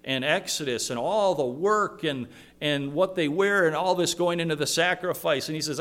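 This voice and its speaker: A man delivers a sermon, teaching through scripture verse by verse. His voice sits a little high for a man. He talks in a conversational way, repeats his words, and slips into the voices he quotes. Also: normal speed, a bit bright. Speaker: preacher.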